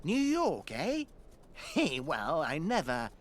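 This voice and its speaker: A leering, sneering thug. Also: male voice, on the high side, huge pitch swings, slow pace, a little hiss or hum, full character voice. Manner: sneering and mocking, chuckles often. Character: leering, crude male thug brother. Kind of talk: video game voice acting.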